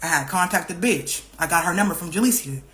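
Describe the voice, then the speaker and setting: Animated young woman telling a story. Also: fairly low pitch, quick pace. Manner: animated, profane, repeats herself, acts out other people's lines. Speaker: vlogger. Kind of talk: casual storytime vlog.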